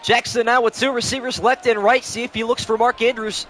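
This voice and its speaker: A man's voice: very high-pitched, flat delivery, brisk, fairly bright tone, a little hiss or hum. A young man calling play-by-play on a live stream, switching between announcer-style calls and casual chat with viewers, short on sleep.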